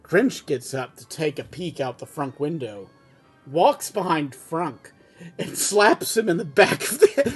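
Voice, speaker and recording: A husky, breathy voice reads a fan script aloud and keeps stopping for exasperated rants and bursts of laughter. Faint music sits underneath. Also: mid-range voice, expressive, a little slow. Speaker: channel host reading a fan script. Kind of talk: comedic script reading with ranting commentary.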